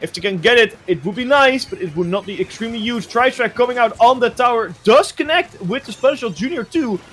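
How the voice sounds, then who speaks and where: A man with a Dutch accent giving lively, excitable play-by-play commentary as an esports caster. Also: very high voice, fairly quick, husky.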